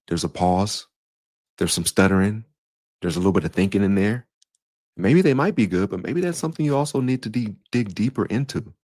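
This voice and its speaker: A man's voice: fairly low pitch, animated, fairly quick, darkish tone, no room sound, clean studio sound. A man hosting a solo podcast as a life coach, talking in an earnest, conversational way with casual slang and frequent restarts.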